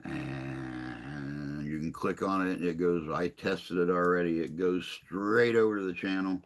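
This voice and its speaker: A man's voice: deep voice, unhurried. An older man hosting a casual livestream chat, reading viewer comments aloud in a rambling, self-deprecating way.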